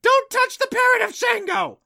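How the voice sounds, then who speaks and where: A man voicing a shrill, squawking old parrot from a storybook that repeats its warnings twice. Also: normal speed, gravelly, sharp tone, full character voice.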